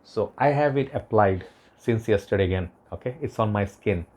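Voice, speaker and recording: A young man with a Bangladeshi English accent talks in a slightly low voice, casual and earnest. He rambles through a perfume review, stopping often to check in with the viewer. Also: moderate pace, a little mellow. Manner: rambling, earnest, lots of "okay?" and asides. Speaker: fragrance reviewer.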